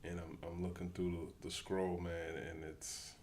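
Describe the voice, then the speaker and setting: Deep-voiced man doing casual commentary. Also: monotone, a little slow, noisy background. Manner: loose, profane, calls everyone "man". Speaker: livestream host.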